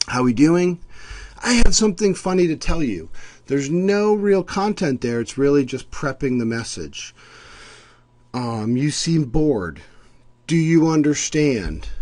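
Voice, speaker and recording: A man's voice: medium pitch, darkish tone, no room sound. A male instructor giving a recorded screencast lecture, explaining terms and acting out short everyday example lines. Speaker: college instructor.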